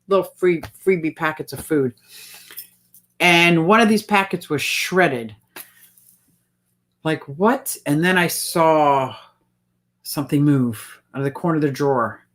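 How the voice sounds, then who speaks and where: A woman hosting a casual livestream, chatting and reading out viewer comments. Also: lowish voice. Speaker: livestream host.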